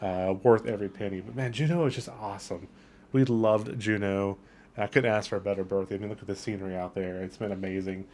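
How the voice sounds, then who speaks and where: A man's voice: lowish voice, fairly even intonation, quick pace, darkish tone, a little hiss or hum. A man hosting a travel vlog, talking in a chatty, enthusiastic way while walking around outdoors on a town wharf. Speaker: travel vlogger. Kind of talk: casual vlog narration.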